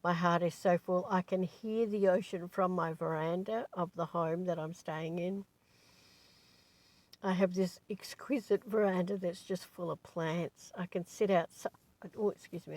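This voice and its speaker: A woman's voice: fairly low pitch, steady tone, moderate pace, darkish tone, no room sound. A woman, a spiritual teacher, talking in a chatty, digressive way, full of asides. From Australia. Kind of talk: casual rambling monologue.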